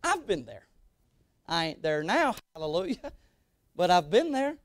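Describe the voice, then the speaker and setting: A man's voice: high-pitched, big pitch swings, unhurried, dry recording, studio quality. A young man preaching a sermon as a guest preacher, emphatic and repeating his lines. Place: church sanctuary.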